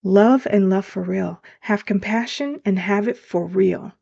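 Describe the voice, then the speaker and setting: Woman, life coach podcast host, earnest coaching tone, warm low timbre, slightly muffled sound. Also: unhurried, creaky, husky. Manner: earnest, coaching, speaks directly to listeners. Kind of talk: motivational podcast monologue. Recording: dull lo-fi sound.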